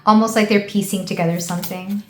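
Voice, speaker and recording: A woman from the United States giving a casual tarot reading, rambling and thinking aloud with soft fillers. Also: medium pitch, steady tone, fast, roomy sound. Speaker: tarot reader.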